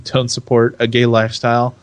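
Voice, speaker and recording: A man's voice: medium pitch, monotone, a little fast. A young adult man from California co-hosting a casual podcast chat, rambling, restarting his sentences and laughing often. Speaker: podcast co-host.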